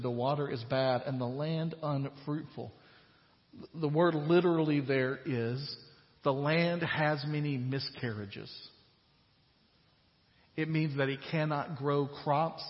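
A man preaching a sermon as pastor, retelling scripture in a casual, conversational paraphrase and building to emphatic points. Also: mid-range voice. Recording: dull sound with long hall reverb.

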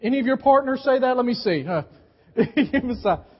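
Male pastor, high voice, emphatic sermon delivery that gets the congregation to respond, reverberant hall, muffled live recording. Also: animated, moderate pace, slightly rough. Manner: emphatic, repeats key phrases, coaches the congregation to respond. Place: church sanctuary. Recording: dull live church recording with long reverb.

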